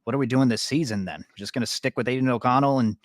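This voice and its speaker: A man's voice: mid-range voice, fast, no room sound, clean studio sound. British-born man in casual sports chat. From Britain. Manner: rambling, self-correcting opinions. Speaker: podcast co-host.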